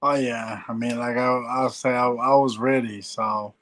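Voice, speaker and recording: Slow, flat-voiced Jamaican man in his forties. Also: mid-range voice, poor audio. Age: 40s. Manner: halting, repeats "you know", restarts often. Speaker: guest, former heavyweight boxer. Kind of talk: casual interview talk.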